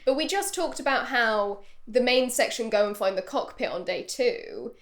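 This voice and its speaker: A young woman co-hosting a casual comedy podcast, playful, often trailing off softly at the end of a thought. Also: fairly high pitch, expressive, normal speed. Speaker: podcast co-host. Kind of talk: casual chat.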